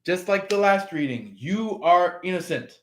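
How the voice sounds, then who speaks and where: A man giving a casual live tarot reading, filling his talk with pauses and acting out the people he quotes. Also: high voice, animated. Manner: acts out quoted voices, laughs, filler-heavy. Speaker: tarot reader.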